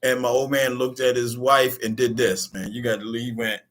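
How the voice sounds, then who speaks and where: A man's voice: medium pitch, flat delivery, moderate pace, fairly bright tone. A man co-hosting a casual radio talk show, who jokes around and tells rambling stories full of slang. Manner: joking, rambling storyteller with slang.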